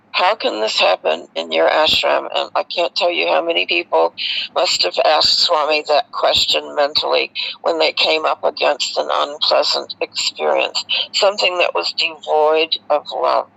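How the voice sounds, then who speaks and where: American woman host, expressive storyteller, raspy-gravelly voice, dull radio-style recording. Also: deep voice. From United States. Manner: expressive, animated retelling with emotional swings. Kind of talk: personal storytelling to listeners.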